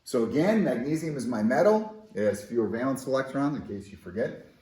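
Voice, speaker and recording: A man teaching chemistry in a lively, conversational, enthusiastic way, in a recorded classroom lesson. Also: mid-range voice, fairly quick, reverberant, poor audio.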